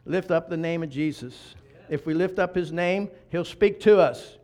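A middle-aged man preaching with a high voice. He drops to quiet, close passages, then builds to loud, rousing exhortation. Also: normal speed. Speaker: pastor. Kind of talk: sermon.

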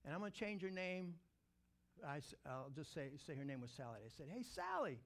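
Animated man telling a sermon story. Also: on the high side, brisk. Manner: animated, acting out the scene. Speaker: pastor.

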